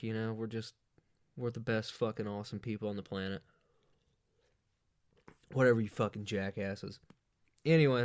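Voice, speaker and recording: A man's voice: on the low side, no room sound, studio quality. Profane rambling man ranting. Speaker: host. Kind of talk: comic rant monologue.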